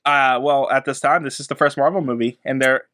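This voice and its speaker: A man's voice: mid-range voice, steady tone, fairly quick, pushed and bright, dry recording, clean studio sound. A young man co-hosting a casual movie review podcast, teasing and questioning his partner. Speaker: podcast co-host.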